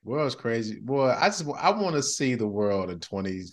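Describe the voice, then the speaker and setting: A middle-aged man hosting a podcast in casual chat, animated and slangy, often laughing. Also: medium pitch, normal speed. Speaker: podcast host.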